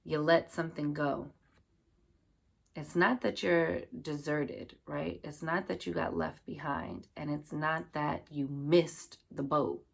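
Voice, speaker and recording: Woman, tarot reader, low and heavily fried voice, rambling and chatty with her audience. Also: fairly even intonation, slow pace, creaky. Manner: chatty, loose, filled with "like" and "you know", addresses listeners fondly. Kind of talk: casual tarot reading to viewers.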